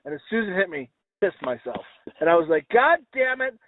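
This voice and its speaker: A man hosts a casual comedy podcast, telling rambling, profane stories. His voice sits high and swings widely in pitch. It comes through a tinny, phone-like line. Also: very animated, a little fast, dry recording. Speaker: podcast host. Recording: tinny phone-like call audio.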